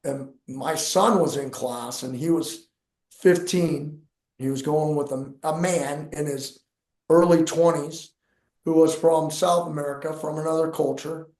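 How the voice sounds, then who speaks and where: A middle-aged man with a fairly high voice tells a gym story in an easy, chatty way, slipping into the voices of the people in it. He sounds like he is in an echoey room. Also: measured pace. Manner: animated, acts out dialogue in his stories. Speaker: jiu-jitsu coach and podcast co-host. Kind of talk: casual storytelling.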